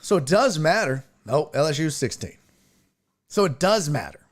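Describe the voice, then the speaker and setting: A man's voice: fairly high pitch, big pitch swings, moderate pace. A man hosting a casual sports talk show, brash and profane. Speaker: sports podcast host.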